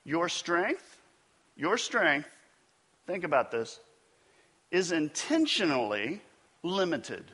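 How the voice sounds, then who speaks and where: Slow, bright-voiced preaching man. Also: a little high, sing-song, slightly rough. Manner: storytelling with self-deprecating humor; builds to emphatic preaching. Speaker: pastor. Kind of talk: sermon.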